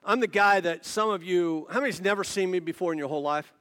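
A male pastor preaching a sermon to his church congregation, telling a story with lively asides to the listeners. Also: high voice. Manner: animated storytelling with quick asides to the audience. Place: church service before a congregation.

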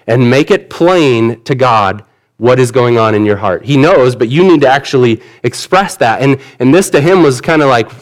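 A man's voice: medium pitch, expressive, normal speed. A man preaching a sermon in an earnest, conversational way, retelling the story in everyday words. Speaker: pastor.

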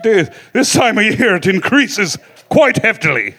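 A man's voice: high-pitched, very animated, moderate pace, sharp tone, full character voice. A man voicing a grumpy, drunk, foul-mouthed male leprechaun in a clumsy put-on Irish brogue for an improvised comedy bit. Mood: boozy. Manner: surly, slurring, cursing.

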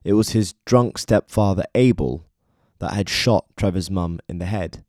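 A man with a very deep, dark voice narrates a biography from a script. He is measured and speaks straight to the listener, and the recording is close and dry. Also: no echo. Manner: measured, addresses listener directly. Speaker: documentary narrator.

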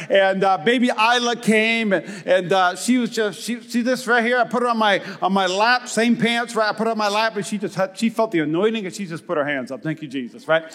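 A man in his thirties preaching a sermon as pastor, animated and joking, rising to shouts for emphasis. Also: high voice. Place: church hall. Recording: reverberant hall.

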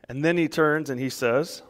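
A man preaching a sermon as pastor, emphatic and animated, with small laughs between points. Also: fairly high pitch, in a large hall.

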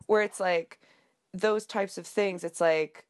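A woman's voice: on the low side, steady tone, slow. A woman co-hosting a podcast in casual chat, a little under the weather, rambling with lots of fillers. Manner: rambling, filler-heavy, laughs often. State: a little sick. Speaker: podcast co-host.

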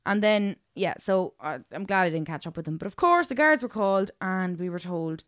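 A young woman co-hosting a casual podcast, telling an animated, sweary story. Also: medium pitch, normal speed, no room sound, studio quality. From Ireland. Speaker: podcast co-host. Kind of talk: casual chat.

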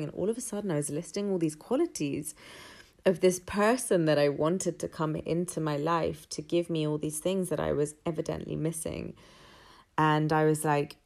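Low voiced woman rambling about her own story, candid and reflective. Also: normal speed.

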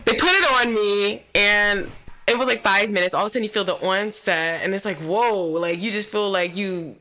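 A woman's voice: mid-range voice, normal speed, bright, forceful tone. A young woman with a Philadelphia accent telling a long story in casual chat, acting out voices and laughing often.

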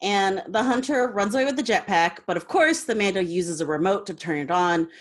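A woman with a medium-pitched voice talks fairly quickly as she hosts a casual podcast. In this recap chat she retells an episode, laughing a lot along the way.

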